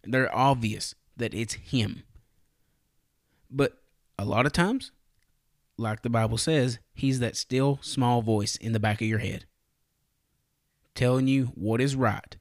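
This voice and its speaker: A man's voice: medium pitch, takes it slowly, pauses often, no echo, clean studio sound. Plain-spoken man giving a devotional. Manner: folksy, plain-spoken, asks rhetorical questions. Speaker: podcast preacher. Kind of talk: casual devotional teaching.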